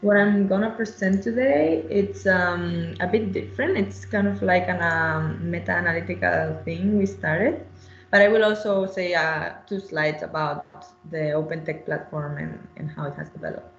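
A woman's voice: on the low side, moderate pace, roomy sound, dull audio. A woman researcher presenting in a webinar, speaking hesitantly with many fillers and restarts.

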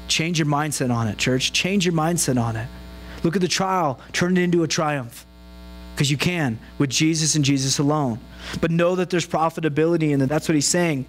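Male pastor with a high voice, talks to the church casually, slight mains hum on the recording. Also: a little fast, faint music behind, low-quality recording. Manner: conversational preaching, acts out quoted prayers. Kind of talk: sermon. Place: church sanctuary.

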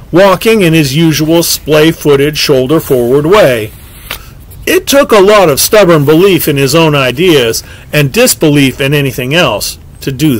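Expressive man narrating a story. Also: fairly high pitch, low-quality recording. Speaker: audiobook narrator. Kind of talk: scripted narration.

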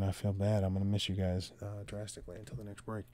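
A man's voice: fairly low pitch, steady tone, quick pace, hardly any pauses, no room sound. Brash man hosting a card break. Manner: loud, teasing banter with coarse language. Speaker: trading card box break host. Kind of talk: live card break, chatting with viewers.

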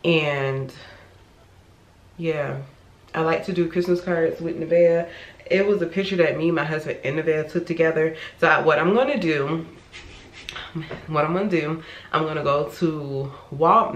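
A woman's voice: deep voice, normal speed. A woman vlogger from Florida chatting casually at home, rambling and often correcting herself mid-sentence. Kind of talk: casual vlog chat. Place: her home. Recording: echoey room with faint noise.

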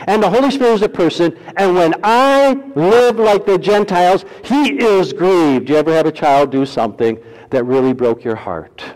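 A man preaching a sermon as pastor, folksy and humorous, swinging between loud emphasis and hushed, quiet lines. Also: sits high, animated, normal speed, big-room sound, rough recording.

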